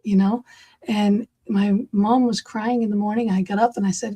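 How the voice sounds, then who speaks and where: A middle-aged woman, a podcast host, telling a personal story in an animated, chatty way and laughing along. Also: medium pitch, normal speed, breathy edge. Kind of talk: casual podcast conversation.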